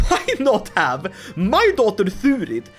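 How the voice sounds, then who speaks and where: A man narrates his strategy game with big, excitable swings in pitch, jumping from low mutters to shouted delight. He jokes constantly and laughs often. Faint music plays behind him. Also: slow pace. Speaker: gaming YouTuber.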